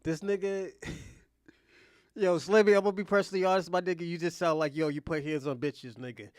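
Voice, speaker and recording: A man's voice: a little high, steady tone, moderate pace, darkish tone, clear, resonant tone, no echo, clean studio sound. A man streaming his reaction to a talk show, laughing often and talking bluntly and crudely. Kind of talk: casual reaction commentary.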